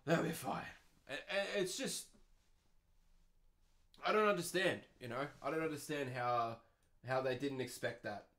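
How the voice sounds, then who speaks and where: A man's voice: medium pitch, measured pace, pauses often, a bit bright. A man in his twenties with an Australian accent hosting a podcast, ranting in a profane, exasperated and sarcastic way. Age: 20s. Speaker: podcast host.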